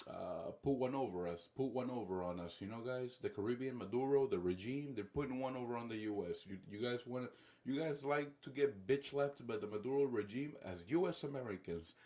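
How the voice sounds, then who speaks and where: A male livestream commentator with a mid-pitched voice rants in a loose, profane way. He rambles, repeats himself and keeps addressing viewers as guys. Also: mellow, slight background noise. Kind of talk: casual livestream rant.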